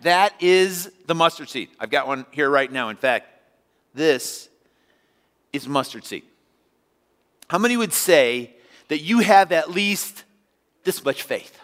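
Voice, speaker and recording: Conversational preacher in a reverberant church. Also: male voice, medium pitch, a bit bright. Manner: conversational preaching with acted-out asides. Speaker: pastor. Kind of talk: sermon. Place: church sanctuary. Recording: long hall reverb.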